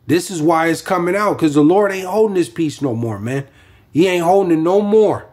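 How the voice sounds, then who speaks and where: A man's voice: high-pitched, animated, moderate pace, darkish tone, slightly rough. A man preaching informally from scripture, rambling with many fillers and restarts.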